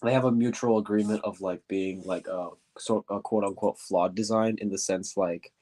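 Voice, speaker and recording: A deep-voiced man with a stuffy nose chats casually on a livestream, answering questions while he works. He rambles, pauses to search for words and keeps saying quote-unquote. His pitch sits fairly low. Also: fairly even intonation, warm tone. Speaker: streamer answering viewer questions.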